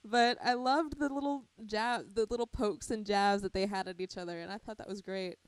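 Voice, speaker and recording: A woman's voice: mid-range voice, fairly even intonation, normal speed, dry recording. A young woman co-hosting a casual fan podcast, speaking hesitantly with many fillers and frequent giggles. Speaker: podcast co-host.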